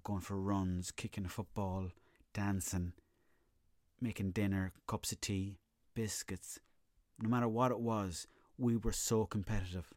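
A man's voice: low-pitched, dry recording, studio quality. A young Irish man hosting a comedy podcast, telling rambling, profane stories in a casual monologue. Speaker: podcast host.

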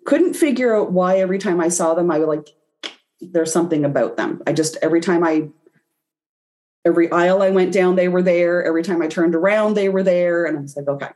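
A woman's voice: fairly low pitch, a little fast, darkish tone. A woman guest in an interview, telling a personal story and acting out her own reactions as she goes. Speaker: guest, intuitive reader.

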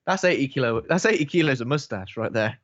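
A man's voice: mid-range voice, lively intonation, fast, no room sound, muffled recording. A man in casual film podcast chat, joking and slipping into silly voices. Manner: joking, does silly voices mid-story. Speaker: podcast co-host.

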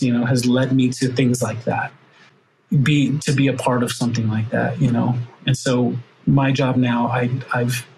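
A man's voice: medium pitch, gravelly, a little hiss or hum, poor audio. Earnest middle-aged man telling a story. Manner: earnest, emotional, animated retelling with quoted voices. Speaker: podcast guest, firefighter. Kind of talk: storytelling in a podcast interview.

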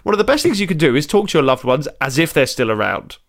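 A man's voice: on the high side, big pitch swings, fast, a bit bright. A man co-hosting a comedy podcast, casually reading out an article and joking around. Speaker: podcast co-host.

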